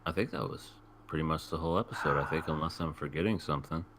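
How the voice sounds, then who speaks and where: A man hosting a casual anime review podcast, retelling scenes with lively put-on voices. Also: very deep voice, fast talker, noisy background. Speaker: podcast host.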